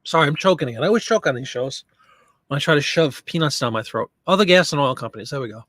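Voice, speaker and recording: Chatty live-stream host, dry close sound. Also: male voice, a little high, lively intonation, fast talker, fairly bright tone, no room sound. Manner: chatty, reads and answers viewer comments while working. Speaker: live stream host listing items for sale. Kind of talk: casual live-stream chat.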